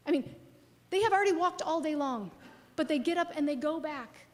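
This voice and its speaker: Expressive woman pastor in echoing church. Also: high-pitched, brisk. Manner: expressive, swings from lively to soft near-whisper. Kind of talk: sermon with personal storytelling. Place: church sanctuary. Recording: long church hall reverb.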